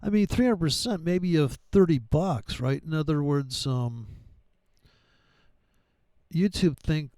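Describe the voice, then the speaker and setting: A man's voice: a little high, expressive, slow, long pauses, warm tone, no echo. A man giving casual trading commentary over his charts, rambling and profane, with sarcastic asides. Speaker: forex trading educator.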